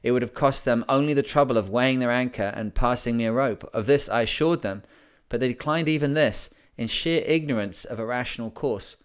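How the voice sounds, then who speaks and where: Guy reading a book out loud on his podcast, calm and steady, nice smooth voice. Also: mid-range voice. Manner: measured, deliberate reading. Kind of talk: audiobook narration of a memoir.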